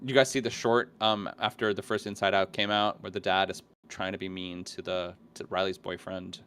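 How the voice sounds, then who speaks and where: A man's voice: low-pitched, little pitch movement, moderate pace, fairly bright tone, slight background noise. A man in his forties co-hosting a podcast, chatting casually in a blunt, joking, self-mocking way. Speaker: podcast co-host. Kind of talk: casual chat.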